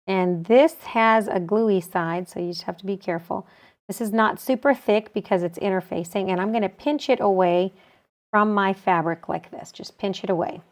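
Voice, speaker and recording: A woman at a middle pitch, teaching a quilting technique. She talks in a calm, practical way, describing each step as she works with her hands. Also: moderate pace. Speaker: quilting instructor. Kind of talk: step-by-step sewing tutorial.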